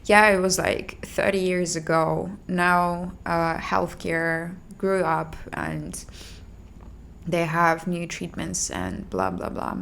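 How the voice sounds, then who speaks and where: Slow, gravelly-voiced young woman telling a story. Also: lowish voice, a little hiss or hum. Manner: halting, emotional recounting with restarts and soft sighs. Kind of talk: personal storytelling.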